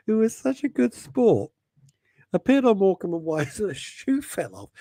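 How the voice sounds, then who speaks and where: A man's voice: high voice, creaky, a little mellow, breathy edge, no echo, studio quality. A man from England hosting a radio show, chatting in a jokey, rambling, self-mocking way.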